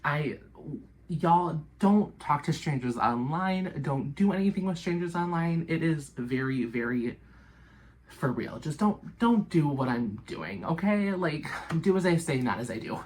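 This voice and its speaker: A woman vlogger telling a story to her viewers, animated and breathless, swearing constantly. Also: deep voice, a little slow, slight background noise. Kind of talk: casual storytelling to camera.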